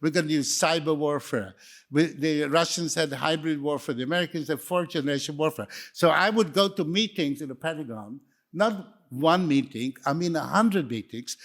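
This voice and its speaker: An older man, not a native English speaker, giving a wry, anecdotal talk that wanders from story to story. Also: on the high side. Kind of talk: lecture talk.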